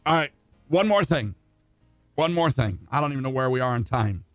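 An older man preaching a sermon with passion, rising to shouts and calling on listeners by name. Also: medium pitch, animated, normal speed, dry recording, faint music behind. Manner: impassioned, shouting climaxes, calls on congregation by name.

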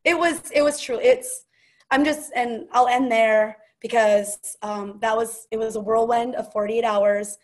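A woman's voice: fairly high pitch, steady tone, a little slow. A woman hosting a casual team call, telling stories and quoting people in a chatty, gushing way. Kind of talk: casual storytelling chat.

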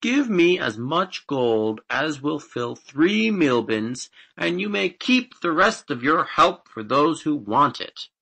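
A man voicing a greedy, boastful young farmer who speaks slowly and indignantly. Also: mid-range voice, sing-song, pushed and bright, full character voice. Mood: demanding. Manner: slow, demanding, indignant.

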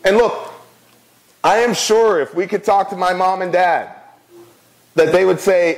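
A middle-aged man delivers a sermon as pastor. His voice sits high, and he preaches in an easy, conversational manner, often turning to the congregation with quick asides. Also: fairly even intonation, poor audio.

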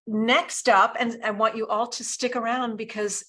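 A woman's voice: fairly high pitch, level tone, moderate pace, sharp tone. A woman host introducing the next guest on a webinar in an upbeat, enthusiastic way.

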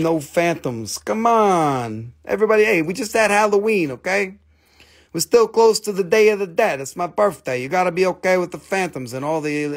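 A man hosting a live crystal sale, rambling and joking with crude humor and playful put-on voices. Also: on the high side. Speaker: host selling crystals on a live stream. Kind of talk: casual live sales chat.

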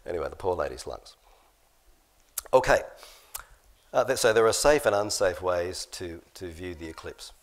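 A man's voice: sits low, lively intonation, normal speed, long pauses. A middle-aged man giving an informal, chatty sermon talk over slides, often restarting phrases and chuckling at his own jokes.

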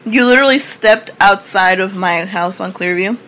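A woman co-hosting a casual podcast. She tells personal stories in a chatty way and swears now and then. Her voice is bright and sharp, in a middle pitch. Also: moderate pace, poor audio. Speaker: podcast co-host. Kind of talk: casual chat, telling anecdotes.

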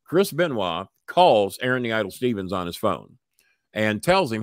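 Blunt swearing man, lively voice. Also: lowish voice, moderate pace, no echo, studio quality. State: coughing. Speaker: podcast guest. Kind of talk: profane storytelling.

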